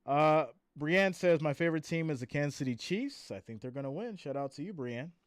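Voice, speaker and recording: Speaking a little fast in an animated, higher-pitched voice, a tired man runs a live stream, narrating the plays and reading comments aloud with laughter. The sound is studio quality with no echo.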